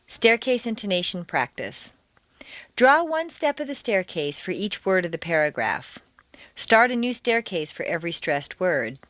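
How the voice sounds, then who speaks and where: A woman narrating a pronunciation course in a clear, deliberate, scripted way. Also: medium pitch, a bit bright, no echo. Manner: clear, deliberate, with exaggerated stress in examples. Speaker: accent training instructor.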